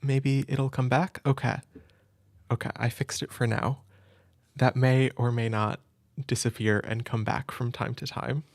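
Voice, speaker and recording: A man hosting a live stream, nervous and excited, chatting loosely with lots of fillers and restarts. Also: mid-range voice, gravelly, no room sound, studio quality. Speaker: audio role-play creator hosting a live stream. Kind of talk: casual live-stream chat.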